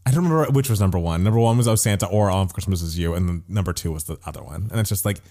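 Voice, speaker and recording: A man's voice: low voice, very fast, warm tone. A man co-hosting a casual pop-culture chat, gossiping animatedly, laughing often and swearing casually. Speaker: podcast co-host.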